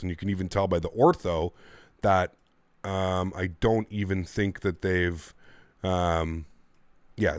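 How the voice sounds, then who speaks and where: A man's voice: deep voice, no room sound. A man streaming a flight simulator, chatting casually and thanking his viewers in a friendly way. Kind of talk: casual livestream commentary.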